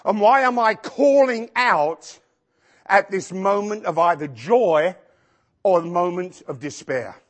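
A male pastor preaching a sermon in a church, acting out quotes with sudden shouts. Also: sits high, slow pace. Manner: animated, acts out quotes with shouts.

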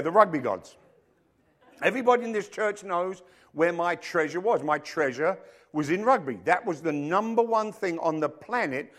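A middle-aged male pastor preaching a sermon, reading scripture and telling jokey stories with loud acted quotes. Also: a little high, lively intonation, moderate pace. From rugby-playing country, emigrated to Africa.

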